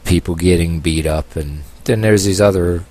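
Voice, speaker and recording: Very deep-voiced man rambling on camera. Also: a little mellow. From United States. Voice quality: long-haired, calls himself a hippie. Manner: halting, many uh fillers and restarts, sarcastic asides. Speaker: vlogger. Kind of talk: rambling opinion monologue.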